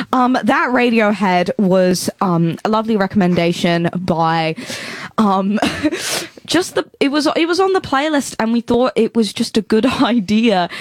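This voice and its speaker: A woman's voice: mid-range voice, no room sound. Giggly young woman radio DJ. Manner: giggly, rambling, many ums. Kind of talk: casual community radio chat.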